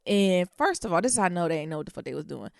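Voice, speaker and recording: Animated woman ranting. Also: lowish voice, rapid-fire, gravelly, no echo, clean studio sound. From Detroit. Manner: indignant, profane, animated storyteller. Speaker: podcast co-host. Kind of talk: casual storytelling chat.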